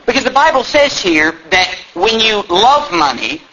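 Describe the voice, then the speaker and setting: A man's voice: high-pitched, sing-song, measured pace, bright, forceful tone. A male pastor preaching a sermon, emphatic and full of rhetorical questions. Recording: dull lo-fi with faint noise.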